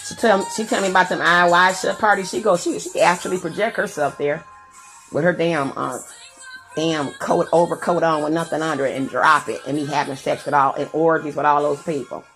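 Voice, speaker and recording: A woman's voice: deep voice, steady tone, a little fast, a bit bright. A woman chatting on a live stream in a loose, crude, rambling way, jumping between jokes and singing along. Faint music plays behind her. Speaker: vlogger. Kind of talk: casual live-stream chat.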